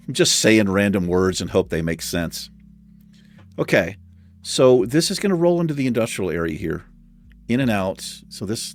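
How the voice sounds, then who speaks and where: A man hosting a let's play, talking through his building with joking, self-deprecating asides and frequent chuckles. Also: deep voice. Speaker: gaming channel host.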